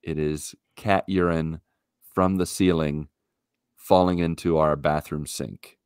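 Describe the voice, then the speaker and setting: A man co-hosting a casual podcast chat, telling a story in an animated, exasperated way into a podcast mic. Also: a bass voice, slow, clear, resonant tone, no echo, clean studio sound. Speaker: podcast co-host.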